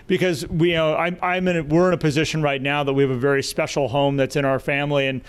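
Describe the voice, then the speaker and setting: A man's voice: fairly high pitch, level tone, fast talker, smooth. A man co-hosting a live podcast, speaking reflectively as a parent. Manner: reflective, talks about being a parent. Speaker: podcast co-host.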